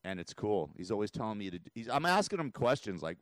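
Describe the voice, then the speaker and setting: A man's voice: on the low side, big pitch swings, quick pace, dry recording. A man hosting a talk radio show, rambling and emotional in a casual monologue, often laughing, from a studio mic.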